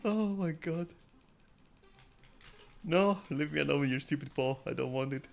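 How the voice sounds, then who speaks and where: A man's voice: on the high side, moderate pace, creaky. A man giving casual gameplay commentary, chatty and swearing offhand, breaking into laughter often. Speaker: gamer. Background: faint game music.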